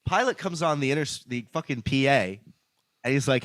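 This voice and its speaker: A man's voice: mid-range voice, lively intonation, a little fast, a bit bright, no echo. A man co-hosting a casual comedy podcast, telling stories animatedly and swearing freely over a remote call. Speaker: podcast co-host.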